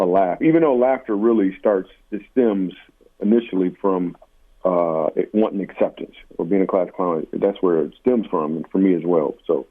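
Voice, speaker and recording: A comedian from Michigan telling stories in a casual interview, animated and self-deprecating. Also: male voice, low-pitched. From Michigan, USA. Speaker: comedian guest. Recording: tinny phone-like line.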